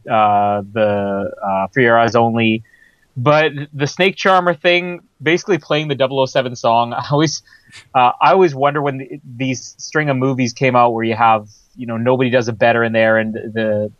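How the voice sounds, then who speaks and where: A man's voice: mid-range voice, a bit bright. A man talking through a film on a casual podcast, rambling along with fillers and small laughs. His audio is dull and lo-fi, with a dry sound and no room echo. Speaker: podcast host.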